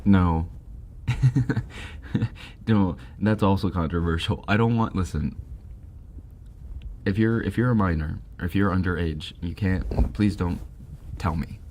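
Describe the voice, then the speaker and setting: A man live-streaming on an ASMR channel, chatting casually about clips, often breaking into giggles while trying to keep his voice soft. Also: low voice, a little slow, pauses often, a little hiss or hum. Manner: giggly, breaks into laughter, talks softly. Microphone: binaural ASMR microphone.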